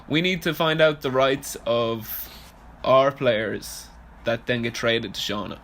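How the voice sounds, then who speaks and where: A man's voice: medium pitch, takes it slowly, few pauses, fairly bright tone. A man co-hosting a podcast in casual, teasing chat, laughing often. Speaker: podcast co-host. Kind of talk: casual chat about fantasy sports.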